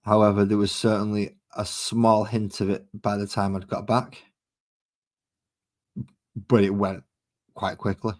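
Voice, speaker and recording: A man with a slightly low voice and a Manchester accent, talking in a loose, rambling way. He chats easily to his stream audience as he works through a painting session. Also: little pitch movement, a little slow, pauses often, darkish tone. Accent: Mancunian. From Manchester, England. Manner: rambling and chatty while working. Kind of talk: casual live-stream chat.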